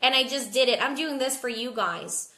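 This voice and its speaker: A woman's voice: fairly high pitch, moderate pace, bright, forceful tone, reverberant. A woman talking candidly to her team in a casual live video, tired and jet-lagged, often repeating words as she thinks. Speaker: network marketing team leader.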